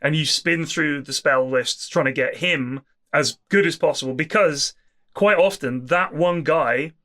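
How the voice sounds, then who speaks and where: Man, podcast co-host, bright tone, lively jokey chat. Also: fairly high pitch, unhurried. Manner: lively, jokey, quotes people in put-on voices. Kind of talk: casual chat.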